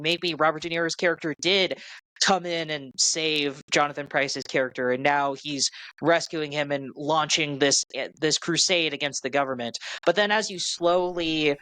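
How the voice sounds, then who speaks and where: A man's voice: fairly high pitch, normal speed, bright, forceful tone, no room sound, poor audio. A man on a podcast talking through a film in a rambling way, with lots of restarts and fillers as he thinks aloud. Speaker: podcast co-host. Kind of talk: casual film discussion.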